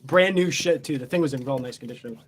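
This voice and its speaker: A man's voice: mid-range voice, fast, slight background noise. A man telling a story in a casual, boastful, heavily profane, rambling way.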